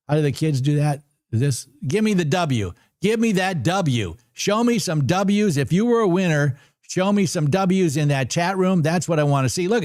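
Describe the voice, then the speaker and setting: Excitable man hosting a live stream. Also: on the high side, dry recording, studio quality. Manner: excitable, talks to viewers and chat; chatty, repeats numbers aloud. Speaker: livestream trading host. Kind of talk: casual live-stream commentary.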